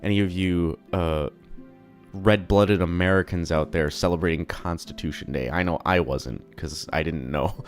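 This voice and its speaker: A young man streaming from home, chatting casually in a rambling, profane, self-deprecating way, his voice a little low from being slightly sick. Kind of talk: casual live-stream chat.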